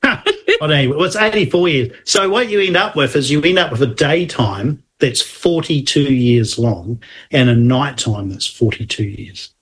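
A husky-voiced man co-hosts a casual science talk. He explains things at length, often restarting his sentences and adding little asides. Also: mid-range voice, moderate pace. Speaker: podcast co-host explaining astronomy.

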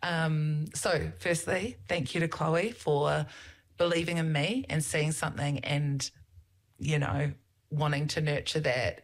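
A middle-aged woman with a New Zealand accent, a politician talking earnestly as a guest in a casual interview, with many fillers. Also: low-pitched.

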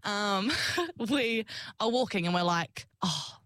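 A woman's voice: medium pitch, animated, takes it slowly, fairly bright tone, no room sound. A young woman, chatting in an interview, laughing often and acting out her own past lines. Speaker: singer and actor, interview guest. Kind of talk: casual interview storytelling.

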